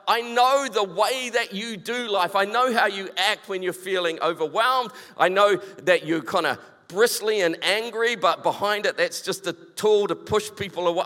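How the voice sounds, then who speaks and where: Guy giving a chatty sermon, pretty high voice, voices the back-and-forth lines himself. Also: fairly bright tone. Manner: informal, acts out quoted prayers and replies in dialogue. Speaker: preacher. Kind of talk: conversational sermon. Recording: long reverb.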